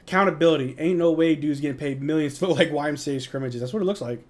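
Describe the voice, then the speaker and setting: A young man hosts a live watch-along stream, calling the plays in a tired, yawning, drowsy way and reading viewer chat aloud to reply. He speaks fast with few pauses in a voice on the high side with a darkish tone. There's a little hiss or hum in the background.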